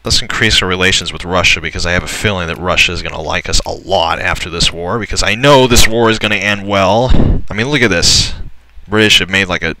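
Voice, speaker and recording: A young man casually commentating a strategy game, excitable and swearing, often laughing in disbelief. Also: low voice, a little fast, poor audio. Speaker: gameplay commentator. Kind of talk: casual let's-play commentary.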